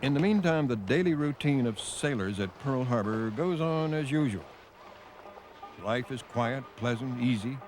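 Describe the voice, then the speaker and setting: A man narrating a television news documentary in a measured, grave scripted delivery. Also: medium pitch, lively intonation, a little mellow. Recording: faint noise on a VHS broadcast.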